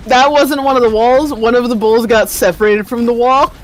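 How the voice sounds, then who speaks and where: A streamer chatting casually with friends during a co-op game, playful and teasing and quick to laugh. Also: mid-range voice, slight background noise. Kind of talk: casual gaming chat.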